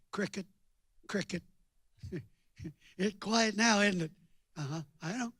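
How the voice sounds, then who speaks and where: An older male preacher tells stories from the pulpit in a folksy, joking manner. His voice sits very high and sounds dry and close to the mic. He drops to near-whispers and then bursts out loud. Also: takes it slowly, breathy edge, no echo. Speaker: guest preacher. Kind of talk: storytelling sermon.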